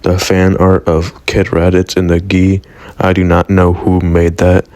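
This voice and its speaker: Low-voiced man rambling through a fan story. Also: completely flat delivery, unhurried, darkish tone. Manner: rambling, with frequent restarts and hedges like "I'll say". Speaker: fan channel host. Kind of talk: casual storytelling narration.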